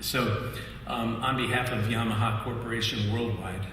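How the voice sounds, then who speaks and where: A man's voice: mid-range voice, fairly even intonation, normal speed. A man giving a memorial tribute speech, telling a story animatedly and laughing often. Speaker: music industry artist relations rep. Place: memorial gathering in a large hall. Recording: echoey hall from far off, noisy.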